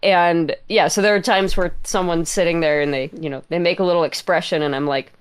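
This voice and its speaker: A woman's voice: on the low side, fairly even intonation, brisk, smooth. A woman on a podcast panel, telling self-mocking stories in casual chat.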